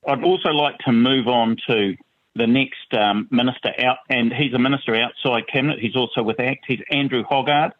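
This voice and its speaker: A man's voice: mid-range voice, normal speed. A man from New Zealand giving opinionated political commentary on a talk radio show, calling in by phone and stressing his words emphatically. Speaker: guest commentator. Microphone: phone call. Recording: tinny phone line.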